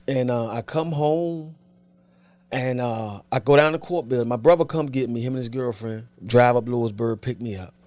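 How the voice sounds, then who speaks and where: A man from Washington, DC, a podcast guest telling his story in relaxed slang and acting out what others said. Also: medium pitch, brisk, few pauses, no echo. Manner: animated storyteller who acts out other people's words. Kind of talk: casual storytelling interview.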